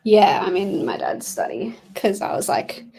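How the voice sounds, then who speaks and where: A woman's voice: medium pitch, huge pitch swings, a little slow, gravelly, dark tone, slightly rough, low-quality recording. A young woman chatting casually on a livestream, greeting viewers and rambling about her reading goals with plenty of fillers, from her dad's study at home. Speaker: livestreaming booktuber.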